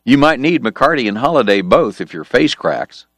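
A man voicing a dry-witted brother who jokes in a mock-serious, deadpan way. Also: medium pitch, moderate pace, dry recording, voice pushed up.

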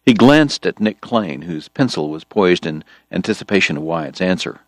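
A man reading a story aloud in a measured storytelling manner, voicing the characters. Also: low-pitched, lively intonation, dry recording, studio quality. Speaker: audiobook narrator. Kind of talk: scripted narration.

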